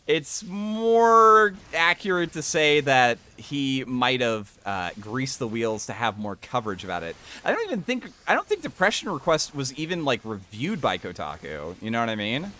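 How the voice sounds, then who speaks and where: A streamer does casual reaction commentary in a medium-pitched, pushed, bright voice, cutting in with crude, rambling, mocking remarks.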